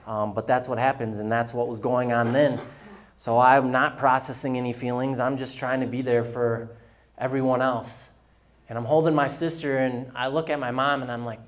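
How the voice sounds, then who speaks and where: Man, candid personal story, speaking talk, quiet retold dialogue, middle pitch. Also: fairly even intonation, normal speed. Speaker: guest speaker.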